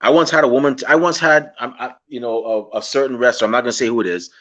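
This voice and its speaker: A man with a Guyanese accent hosting a casual interview over a video call, talking in an animated way. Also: medium pitch, quick pace. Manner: animated, impersonates fans excitedly. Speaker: podcast host.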